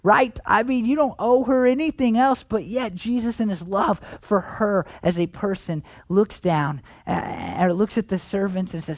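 A man preaching a sermon as pastor, in a conversational way that swings between animated emphasis and hushed, tender passages. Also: sits high, moderate pace, hardly any pauses, no echo.

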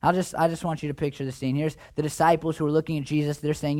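A man preaching a sermon as pastor, earnest, often restarting words and dropping quiet at the ends of phrases. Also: on the high side, level tone, fast talker, few pauses. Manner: acts out quoted voices, drops quiet at phrase ends.

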